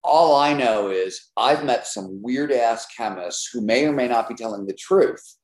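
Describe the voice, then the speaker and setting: A man being interviewed as an author, talking in a casual, animated way and laughing often between tangents. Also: medium pitch, a little slow. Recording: roomy echo.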